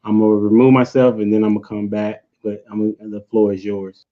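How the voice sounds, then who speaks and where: A man's voice: lowish voice, level tone, fairly quick, lo-fi sound. A man hosting a casual interview over a video call, talking in a laid-back, slangy, encouraging way. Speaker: podcast host.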